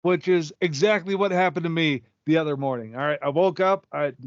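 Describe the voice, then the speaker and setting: A man's voice: fairly high pitch, brisk, no echo, lo-fi sound. A young man co-hosting a comedy podcast, telling a rambling, profane anecdote. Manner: rambling, profane, acts out quotes. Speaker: podcast co-host. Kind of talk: comedic storytelling.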